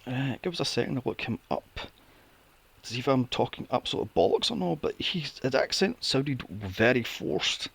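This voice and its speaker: A man's voice: normal speed, creaky, slightly rough. A man co-hosting a movie podcast, chatting casually and sarcastically about a film. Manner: animated, sarcastic, mocks characters in high silly voices. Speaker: podcast co-host. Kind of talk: casual movie review chat.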